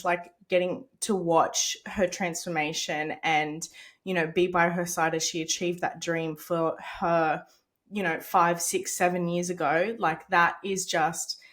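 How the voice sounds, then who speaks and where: Host voice: woman, slightly low pitch, casual and supportive. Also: steady tone, a little slow. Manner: warm, encouraging, casual with swearing. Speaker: podcast host. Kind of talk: casual interview chat.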